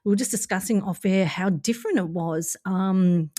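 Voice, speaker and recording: A woman's voice: mid-range voice, normal speed. A woman from Australia with an Australian accent, hosting a podcast in casual, enthusiastic chat. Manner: enthusiastic, warm praise, laughs often. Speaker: podcast host.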